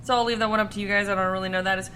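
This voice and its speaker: A young woman chats on a podcast in a bright, lively tone, swearing and laughing at her own stories. She rambles in a casual way. A faint hiss of room noise sits under her voice. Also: medium pitch, very fast. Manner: laughing, profane, self-deprecating rambling. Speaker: podcast co-host.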